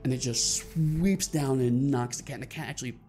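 A man's voice: mid-range voice, a little fast, a little mellow, soft background music. A man running a tabletop game as game master, narrating scenes and calling for rolls in a rambling way with frequent restarts.

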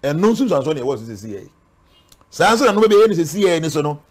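A man's voice: on the high side, big pitch swings, brisk. A man with a Ghanaian accent, a spiritual guest speaking earnestly in an interview, warning and preaching. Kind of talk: interview talk mixing Twi and English.

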